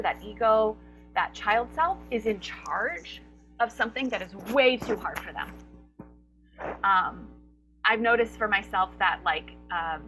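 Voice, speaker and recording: A woman being interviewed as a guest coach for actors, talking in an animated, expressive way and acting out her inner voices. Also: medium pitch, poor audio. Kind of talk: summit interview conversation.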